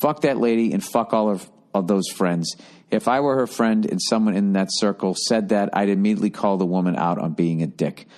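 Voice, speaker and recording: A man's voice: on the low side, a little fast, darkish tone. A man hosting a podcast, reading listener letters and answering with a blunt, profane, sarcastic comedic rant.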